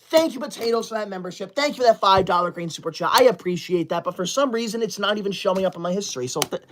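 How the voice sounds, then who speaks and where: A man in his twenties playing a touchy, self-important young livestreamer who reads super chats in an indignant, whiny way and shouts at viewers. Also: high-pitched, quick pace, a little hiss or hum, close to an everyday voice. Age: 20s. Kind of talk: parody livestream skit.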